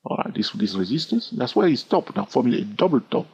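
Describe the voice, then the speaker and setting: A man's voice: medium pitch, very animated, fairly quick, vocal fry, a little mellow, breathy edge. Chatty accented man teaching charts. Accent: non-native English. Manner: chatty, teasing, checks in with "all right?". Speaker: trading educator. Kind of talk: screen-recorded chart lesson. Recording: dull lo-fi sound.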